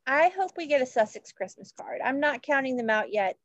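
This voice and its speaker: A woman's voice: high voice, lively intonation, brisk, no echo, highs cut off. A woman co-hosting a podcast, chatting in a gushing way with lots of fillers and restarts. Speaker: podcast co-host. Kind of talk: casual chat about royal news.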